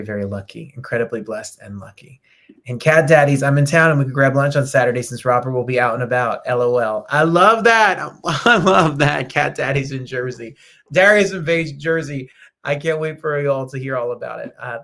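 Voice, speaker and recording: A middle-aged man hosting a live talk show, chatting effusively and emotionally with his viewers. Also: mid-range voice. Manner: effusive, emotional, sings snippets. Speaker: host. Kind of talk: casual live show chat.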